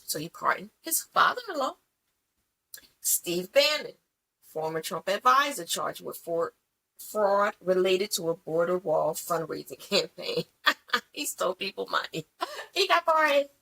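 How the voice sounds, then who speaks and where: A woman co-hosting a podcast in casual chat, talking bluntly and profanely with animated storytelling. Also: fairly low pitch, measured pace, creaky, rough recording. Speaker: podcast co-host.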